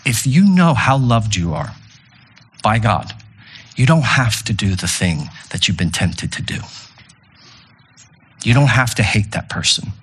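Husky-voiced man preaching a sermon. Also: lowish voice, very animated, unhurried, pauses often, a bit bright. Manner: earnest, repeating phrases with stumbling restarts. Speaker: pastor. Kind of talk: sermon leading communion and prayer. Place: church gathering room with congregation.

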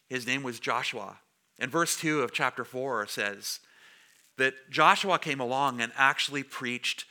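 A man's voice: medium pitch, bright, forceful tone. A man preaching a sermon to a congregation as their pastor, speaking in a conversational way and joking with the listeners. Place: church before a congregation.

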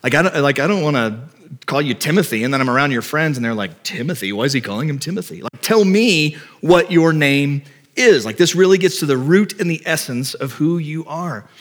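A man's voice: a little high, lively intonation, normal speed, a bit bright. A man, a pastor, preaching a conversational sermon to his church, explaining and asking his listeners rhetorical questions. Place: church before a congregation.

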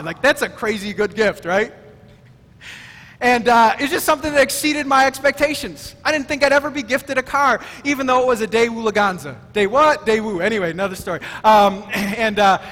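Guy pastor preaching, really high voice, emphatic and keyed up, long echoey hall. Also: fairly quick. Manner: emphatic, excitable, stammering restarts. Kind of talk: sermon.

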